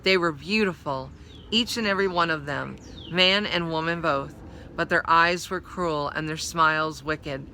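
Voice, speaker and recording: Woman reader, measured and expressive, narrating a children's story; very bright tone. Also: low-pitched, a little hiss or hum, rough recording. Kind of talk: reading a children's novel aloud.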